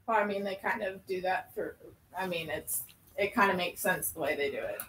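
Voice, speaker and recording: A woman making quiet, brief remarks in the background of a casual home chat. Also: lowish voice, normal speed, slight background noise, poor audio. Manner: quiet off-mic asides.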